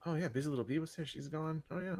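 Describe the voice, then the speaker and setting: A man hosting a livestream, chatting casually with quick asides. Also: on the high side, darkish tone. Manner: rapid, chatty, laughing asides. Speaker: stream host.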